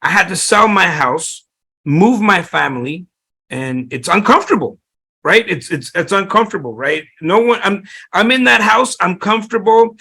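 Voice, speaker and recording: A middle-aged man speaks as an interview guest, his voice gravelly and sitting a little high. He rambles through his story, restarting sentences and leaning on fillers as he goes. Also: pushed and bright. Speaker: real estate investor guest.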